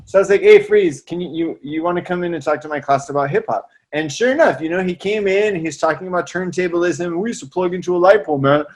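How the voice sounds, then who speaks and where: A man with a fairly high speaking voice tells stories in an easygoing chat. He is lively and slangy and keeps dropping "man" into his sentences, in the relaxed manner of a music teacher talking with a friend. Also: quick pace, few pauses. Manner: animated, slangy, peppers lines with "man". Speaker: music teacher and salsa trumpet player. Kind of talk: casual storytelling chat.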